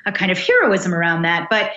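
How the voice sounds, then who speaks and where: A young American woman, a guest writer in a casual interview, thinking aloud with many pauses, fillers and restarts. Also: lowish voice, sing-song, bright, forceful tone, reverberant, dull audio. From United States.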